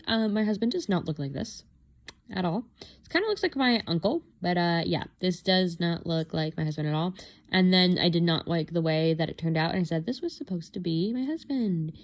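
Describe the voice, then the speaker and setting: A young woman chats casually as she pages through her journal, with a voice that sits a little low for a woman. She rambles and pokes fun at herself. She jumps higher in pitch when she acts out her own thoughts. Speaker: vlogger.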